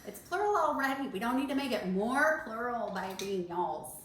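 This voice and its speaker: A woman's voice: fairly high pitch, big pitch swings, moderate pace, a bit bright. A woman co-hosting a podcast, chatting casually, teasing and laughing often. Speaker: podcast co-host, dentist. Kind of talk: casual chat. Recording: echoey room with faint noise.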